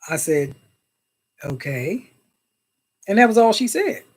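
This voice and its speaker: A woman's voice: medium pitch, slow, breathy edge. Chatty woman hosting a livestream. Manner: chatty, animated, greets viewers in chat; often invokes God and Jesus. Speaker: livestream host. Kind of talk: casual livestream chat.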